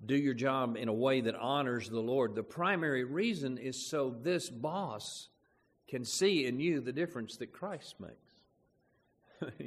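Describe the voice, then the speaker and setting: Speaking slowly at a medium pitch, this pastor delivers a sermon in a conversational style, asking the congregation questions. A long hall reverb colors the recording.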